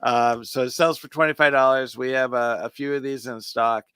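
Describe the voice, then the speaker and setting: A man's voice: medium pitch, steady tone, normal speed, fairly bright tone, smooth, dry recording, clean studio sound. A man co-hosting a casual chat show about magic, explaining tricks step by step and counting aloud. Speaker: podcast co-host.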